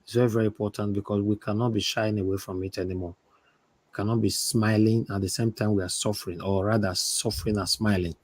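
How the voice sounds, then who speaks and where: Animated Nigerian man hosting a panel. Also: fairly low pitch, quick pace, no echo. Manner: animated, slips into Pidgin banter, urges guests on. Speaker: show host. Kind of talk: live online panel talk.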